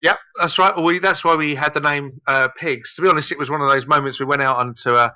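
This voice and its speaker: A man's voice: on the high side, steady tone, quick pace, pushed and bright, dry recording, low-quality recording. A man with a southern English accent, a radio guest talking about his paranormal group in a chatty, rambling way. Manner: chatty, self-deprecating, rambling. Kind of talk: casual radio interview.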